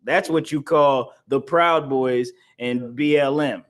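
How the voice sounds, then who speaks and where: A man teaching a scripture class in a forceful, preaching style, repeating his points and laughing between them. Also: mid-range voice, slow pace.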